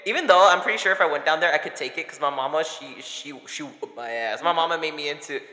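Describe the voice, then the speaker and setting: Young man, podcast co-host, animated storyteller, bright tone, reverberant room. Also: a little high, fast. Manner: animated, laughing, acts out quotes. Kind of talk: casual storytelling chat. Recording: echoey room with long reverb.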